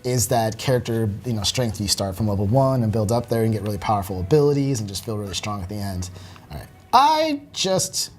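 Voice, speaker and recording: A man giving relaxed, halting commentary while demonstrating a video game, with many fillers. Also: fairly low pitch, slight background noise. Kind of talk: casual gameplay commentary. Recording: faint game music behind.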